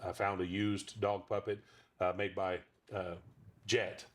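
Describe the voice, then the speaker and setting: A ventriloquist and voice actor talks casually in an interview. His voice sits fairly low. He tells his stories in a loose, rambling way and pauses often on fillers. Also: little pitch movement. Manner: rambling storyteller with frequent fillers.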